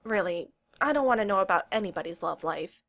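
A woman's voice: medium pitch, animated, fairly quick, a bit bright. A woman doing a careful, tactful young man.

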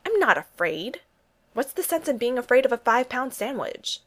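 A woman's voice: high voice, very animated, moderate pace, voice pushed up. A woman voicing an earnest, stubborn young soldier who speaks politely and with determination in a storybook reading. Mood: defiant.

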